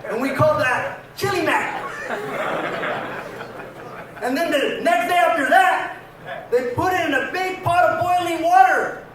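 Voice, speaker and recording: A man's voice: very high voice, measured pace, long pauses, noisy background. A man performing a stand-up comedy set to a live audience in a prison hall, telling punchy stories and acting out family voices. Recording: echoey hall, mic from far off. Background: audience laughter.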